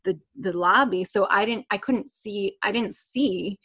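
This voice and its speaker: A woman's voice: mid-range voice, measured pace, fairly bright tone, slightly rough. A woman guest telling a personal story in conversation, rambling with many fillers and restarts and nervous laughs. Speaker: interview guest.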